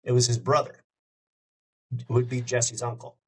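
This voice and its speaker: A man who hosts a radio show, telling a story in a casual, lively way as a podcast guest. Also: mid-range voice, moderate pace, slightly rough. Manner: lively anecdote-telling, acts out quoted dialogue.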